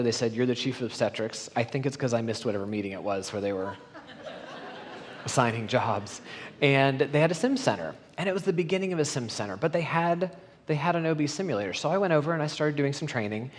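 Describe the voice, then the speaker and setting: A man's voice: medium pitch, fast. A middle-aged man giving a conference talk, telling stories and acting out the dialogue with animation. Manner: animated, acts out quoted dialogue. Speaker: conference speaker. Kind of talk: storytelling keynote talk. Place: conference hall. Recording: long hall reverb.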